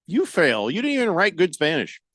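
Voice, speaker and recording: A man's voice: a little high, huge pitch swings, a little fast, a bit bright, no echo. A man hosting a casual sports radio show, reading listener comments aloud and adding wry asides.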